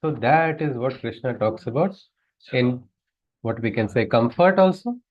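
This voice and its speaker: A man's voice: medium pitch, lively intonation, measured pace, highs cut off. A man teaching a class on scripture, in a conversational way, often putting questions to his listeners and chuckling. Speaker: spiritual teacher. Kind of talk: lecture on scripture.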